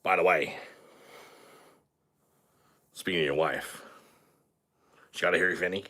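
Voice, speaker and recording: A man's voice: sits low, steady tone, unhurried, pushed and bright, full character voice. A British man putting on a crude, cocky American character with a put-on American accent, swaggering and vulgar on a live stream. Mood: boastful.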